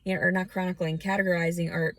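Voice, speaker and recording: A woman's voice: fairly low pitch, flat delivery, quick pace, dry recording, low-quality recording. A woman in her thirties giving a scattered, emotional personal rant, often restarting and fighting back tears. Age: 30s. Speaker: vlogger. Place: outdoors.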